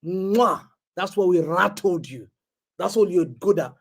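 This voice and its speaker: Excitable husky-voiced young man. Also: sits high. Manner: excitable, teasing, quick to laugh. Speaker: football podcast co-host. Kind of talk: casual banter.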